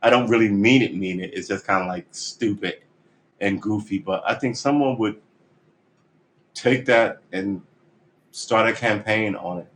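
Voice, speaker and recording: A man's voice: on the low side, unhurried, pauses often, fairly bright tone, a little hiss or hum, poor audio. A man live-streaming his guitar practice, chatting in a rambling, jokey, self-mocking way. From United States. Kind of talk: casual live-stream chat.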